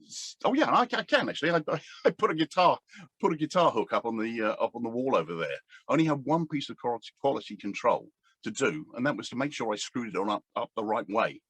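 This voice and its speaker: Sitting indoors at a table, a middle-aged coach speaks to the camera set on it, rambling and hesitant with lots of fillers. His medium-pitched voice swings widely in pitch, moves quickly, and sounds a bit bright and slightly rough, with no echo.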